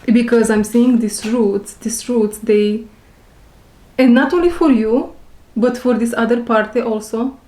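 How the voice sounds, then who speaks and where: A woman who speaks English as a second language, giving an intuitive spiritual reading to her viewers. She talks slowly, repeats her phrases and searches for words. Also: on the high side, warm tone, echoey room. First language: not English. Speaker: intuitive reader.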